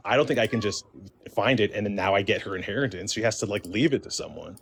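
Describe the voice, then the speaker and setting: Calling into a live stream on a phone or stream mic, a man casually recounts a real ghost encounter, speaking a little fast in a fairly low voice over slight background noise. He rambles with many fillers and restarts, quoting what he and others said.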